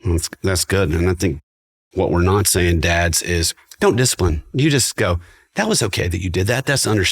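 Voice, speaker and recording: A man's voice: low-pitched, lively intonation, normal speed, breathy edge. A man who is a guest on a podcast, talking reflectively to dads in a casual chat and quoting what he says to his kids. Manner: reflective, quotes himself, talks to dads directly.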